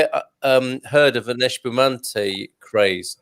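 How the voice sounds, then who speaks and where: A man's voice: mid-range voice, fairly even intonation, measured pace, clear, resonant tone. A man in his forties hosts a wine club chat, joking and wandering into rambling asides. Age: 40s. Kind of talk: casual online group chat.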